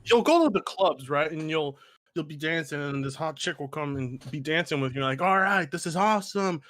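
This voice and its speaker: An excitable man on a podcast, stumbling through his words as he tells a story. His voice is a bit high for a man. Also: moderate pace, no room sound, clean studio sound. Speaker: podcast co-host. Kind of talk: casual banter.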